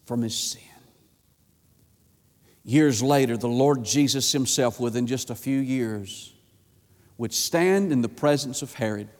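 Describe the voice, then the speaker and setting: A male pastor preaching a sermon, swinging from high, urgent pleas to hushed low tones and stammering when fired up. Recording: long reverb of a church hall.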